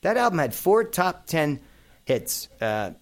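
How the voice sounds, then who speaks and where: A man's voice: on the high side, very animated, slow pace. A middle-aged man hosting a casual chat, rambling through memories with plenty of fillers and asides. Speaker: host.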